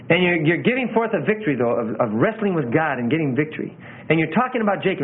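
A man teaching how to preach, earnestly showing emphasis and pauses with his own voice. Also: high voice, big pitch swings. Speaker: preaching instructor. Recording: tinny phone-like sound.

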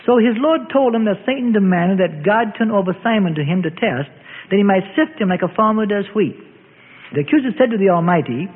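A man tells a Bible story in a solemn, old-fashioned storytelling voice. His voice sits high and moves a lot, with a husky edge. It comes through thin and phone-like, with a long reverb. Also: animated, fairly quick. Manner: solemn storytelling with archaic phrasing. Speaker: narrator. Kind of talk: dramatic scripted Bible story narration.

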